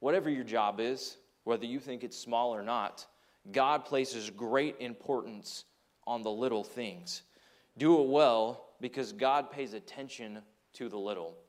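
A man's voice: mid-range voice, a little slow. Male preacher, earnest, tells stories from the pulpit and speaks his listeners' objections aloud. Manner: earnest preaching with acted quotes and storytelling. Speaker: pastor. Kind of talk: sermon.

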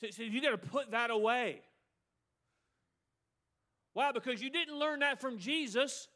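A man's voice: very high-pitched, unhurried, sharp tone. A middle-aged male pastor preaching a sermon with emphasis, repeating a refrain and mocking excuses.

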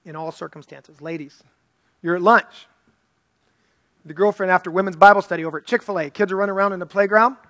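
A man's voice: high-pitched, steady tone, quick pace, pauses often, fairly bright tone, no room sound. A male pastor preaching an earnest, conversational sermon and reading scripture aloud.

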